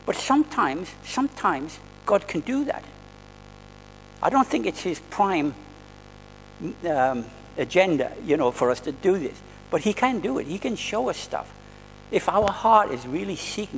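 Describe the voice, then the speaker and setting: A man preaching in a church with a high, gravelly voice. He talks earnestly and conversationally, often restarting his phrases. His voice rings in a long hall reverb over faint music. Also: big pitch swings, moderate pace. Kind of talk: sermon.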